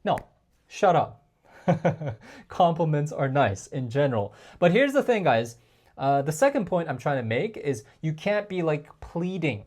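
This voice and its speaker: A man coaching male viewers on dating in a casual, chatty talk to camera, often calling them guys and filling pauses with like and um. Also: a little high, sing-song, a little mellow. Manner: chatty, addresses viewers as guys, frequent fillers.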